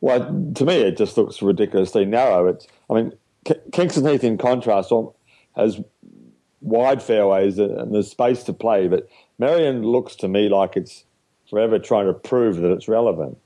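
A man giving opinions on a golf podcast, measured and opinionated. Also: fairly low pitch, warm tone, poor audio. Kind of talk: podcast conversation.

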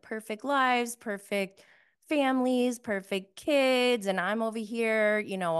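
A woman hosts a podcast recapping reality TV, offering casual commentary in a chatty, sarcastic style full of fillers. Her mid-range voice is smooth and a bit bright.

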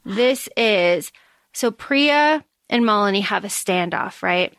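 A woman co-hosting a casual book podcast, recapping scenes excitedly, swearing freely and acting out characters' lines. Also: medium pitch, slow, no room sound, studio quality. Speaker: podcast co-host.

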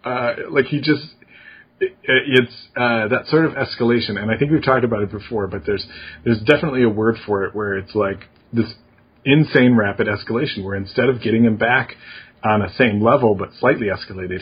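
A man's voice: medium pitch, animated, moderate pace, slightly rough, dull audio. A man co-hosting a podcast in casual chat, rambling with lots of fillers and restarts. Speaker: podcast co-host.

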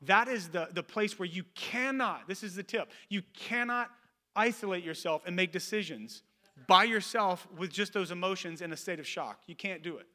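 Speaking at a normal pace, a thirties-aged pastor gives a church sermon in a high, bright voice with a forceful edge. He alternates between emphatic, loud calls and quieter, lowered asides.

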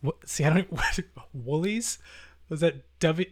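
A man from the United States hosting a podcast, self-deprecating and animated, laughing often in casual chat. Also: fairly high pitch, a little slow. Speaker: podcast host.

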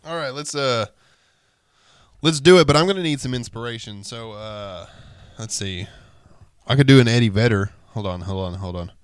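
A man's voice: medium pitch, moderate pace, smooth. A man in playful casual chat, self-mocking and rambling through his setups. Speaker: participant taking turns singing verses.

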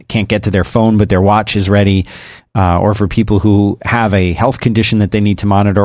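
Earnest, lower-voiced podcast guy. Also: a little mellow, no room sound, clean studio sound. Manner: earnest, rambling with restarts. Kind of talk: casual tech podcast chat.

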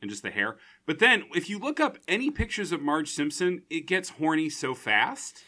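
Casting: male podcast host, bright tense tone, animated pitch, quick and playful. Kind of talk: casual comedic chat.

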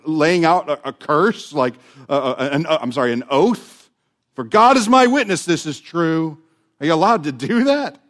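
A man preaching a sermon as pastor, emphatic and animated, often dropping his voice low and soft at the ends of phrases.

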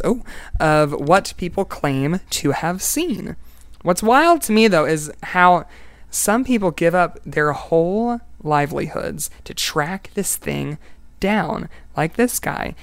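Playful storytelling podcast host, gravelly, dry close sound. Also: medium pitch, no room sound. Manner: playful, jokey, laughs often. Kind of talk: casual storytelling chat.

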